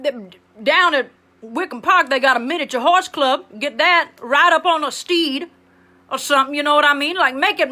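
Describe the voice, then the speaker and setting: Woman as brassy former schoolteacher, improv monologue, sassy and blunt, high and sharp-toned. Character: brassy blunt middle-aged female ex-schoolteacher. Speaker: comedic livestream host character.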